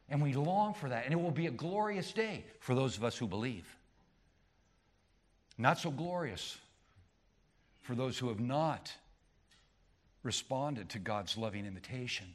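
Preaching man with big loud-soft swings. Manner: swings from loud emphatic peaks to quiet low asides; frequent restarts and repeated words. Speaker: pastor. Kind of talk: sermon.

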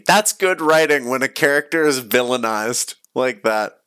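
A man, a co-host, making casual relaxed asides. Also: medium pitch, a little slow, clear, resonant tone, no echo. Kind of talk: casual chat.

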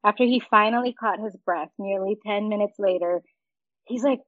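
A woman's voice: mid-range voice, moderate pace, dry recording, phone-quality sound. A woman co-hosting a casual podcast, telling a story with frequent laughs and acting out the lines she quotes.

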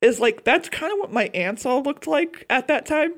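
A woman's voice: high voice, animated, moderate pace. A young woman co-hosting a podcast in casual chat, talkative and swearing, with lots of "like" fillers. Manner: chatty, swearing, many "like" fillers. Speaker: podcast co-host.

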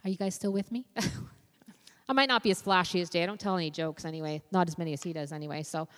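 This young woman, a youth minister type, gives a casual, conversational sermon in a church sanctuary, leaning heavily on fillers like "you know." Her voice is fairly low with fairly even intonation, and her pace is quick. The church hall adds a long reverb.

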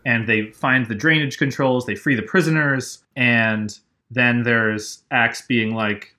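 A man's voice: medium pitch, steady tone, a little slow, sharp tone. Chatty man retelling a book. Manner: chatty, retells scenes with frequent "like". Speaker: podcast host discussing a book. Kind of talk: casual book discussion.

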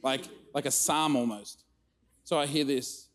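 An Australian pastor with a medium-pitched, unhurried voice preaches a sermon, telling family stories and acting out the quotes with animation while the audience laughs along.

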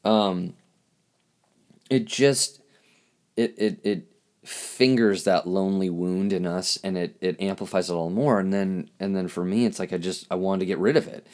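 A man hosting a podcast, speaking in a halting, reflective monologue with lots of restarts, and openly emotional. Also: deep voice, steady tone, darkish tone. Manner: halting, searching for words, emotional. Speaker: podcast host.

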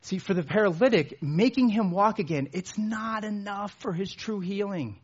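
A man preaching a sermon, earnest, rising in emphasis and then dropping low on his key words. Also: normal speed, breathy edge, muffled recording. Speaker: pastor.

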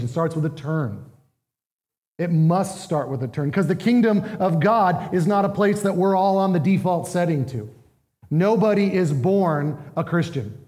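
A man's voice: a little high, mellow, big-room sound. A man preaching a sermon as pastor, earnest and emphatic, asking his listeners questions.

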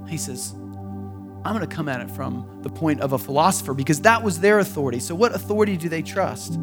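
A man preaching in a relaxed, talky way, slipping into little quoted voices as he goes. His voice sits high. Music plays clearly underneath him. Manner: conversational, acts out quoted voices. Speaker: pastor. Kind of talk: sermon.

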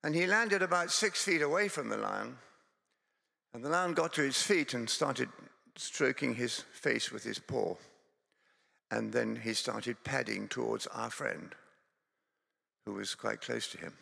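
A Scottish man preaches with a strongly gravelly, bright voice. He talks in a chatty, self-deprecating way, wandering into stories and jokes. The sound carries a long reverb from a church. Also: medium pitch, lively intonation, unhurried, pauses often. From Scotland. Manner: conversational, self-deprecating, digressive. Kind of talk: sermon with humorous storytelling.

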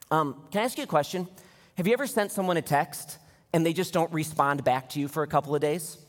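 A man in his thirties preaching a sermon, telling stories in an animated way and acting out the people he quotes. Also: fairly high pitch, quick pace. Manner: animated storytelling, acts out quoted voices. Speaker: pastor. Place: large church hall. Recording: long hall reverb.

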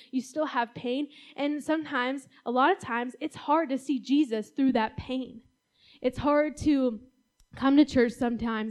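High-voiced young woman preaching casually. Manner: chatty, fills speech with "like", laughs often. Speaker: youth speaker. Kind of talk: casual talk-style sermon.

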